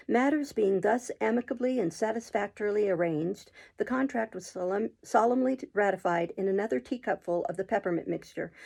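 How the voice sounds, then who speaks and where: A woman reading a classic novel aloud in a measured storytelling manner, with occasional slips and restarts. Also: mid-range voice, vocal fry, warm tone, husky. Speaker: audiobook reader.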